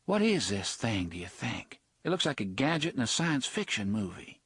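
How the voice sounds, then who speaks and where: Man doing a proper, uneasy young woman, husky lowered voice, dry read, audiobook role. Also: big pitch swings, normal speed, fairly bright tone, no echo. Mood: wary. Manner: cautious, dismayed. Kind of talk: audiobook character voice.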